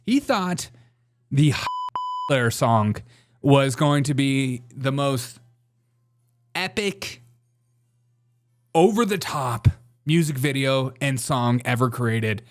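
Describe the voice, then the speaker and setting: A man's voice: mid-range voice, expressive, takes it slowly, long pauses. A man hosting a casual livestream, talking in a sarcastic, mock-outraged way and laughing often. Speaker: livestream host. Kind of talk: satirical casual livestream commentary.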